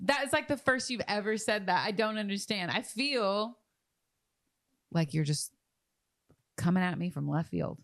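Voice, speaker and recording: A woman co-hosting a podcast in a loose, joking chat. Her pitch swings widely as she teases and laughs often. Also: lively intonation, normal speed, pauses often, a bit bright. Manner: playful, teasing, laughs often. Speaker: podcast co-host. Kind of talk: casual chat.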